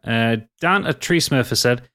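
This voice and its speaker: A man's voice: medium pitch, expressive, a little slow, pushed and bright. A man with a Geordie accent, co-hosting a casual podcast, reading listener messages aloud and joking along the way. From North East England. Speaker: podcast co-host.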